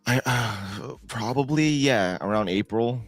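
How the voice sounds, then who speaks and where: A man's voice: medium pitch, measured pace. A man joining a livestream as a guest, easygoing and laughing often as he chats, with faint music behind him. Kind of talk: casual chat on a livestream.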